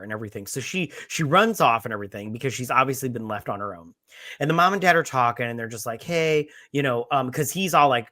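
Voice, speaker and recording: A man co-hosting a casual movie review podcast, animated, acting out characters' lines and swearing freely. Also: mid-range voice, quick pace, no room sound, clean studio sound. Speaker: podcast co-host.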